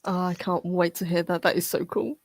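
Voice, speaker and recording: A woman's voice: lowish voice, steady tone, brisk, no echo. A woman with a British accent co-hosting a live show in easygoing, casual chat. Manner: easygoing, laughs often.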